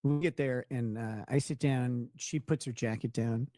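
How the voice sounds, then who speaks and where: A young man hosting a casual talk show tells a rambling anecdote, restarting often and laughing at his own story. His mid-range voice is mellow, with fairly even intonation and a moderate pace, captured in clean studio sound with no room echo.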